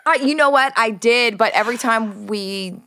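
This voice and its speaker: A woman's voice: a little high, moderate pace, pushed and bright. A young woman co-hosting a casual chat in a studio, blunt and profane with mock insults. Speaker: podcast co-host.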